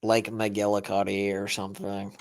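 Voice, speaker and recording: A man's voice: on the low side, completely flat delivery, moderate pace, a little hiss or hum. A man co-hosting a live stream in casual chat, goofy and fond of silly voices. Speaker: co-host, streaming guest.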